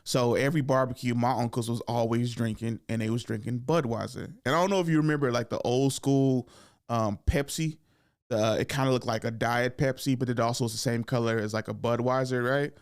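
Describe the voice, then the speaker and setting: Animated young man telling a comic story. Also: brisk, smooth. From Oakland area, California. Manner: animated storyteller who acts out relatives in high, loud voices. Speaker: comedian and podcast host. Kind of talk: storytelling on a podcast.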